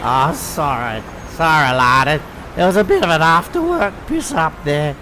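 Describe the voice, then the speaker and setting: A gossipy lady gushes and fusses, as a man puts her on. Her voice swoops up and down a lot and sits a little high. Street traffic is clearly heard behind her. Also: very animated, moderate pace, pushed and bright. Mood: scolding. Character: chatty Australian woman friend, fussing and gossipy.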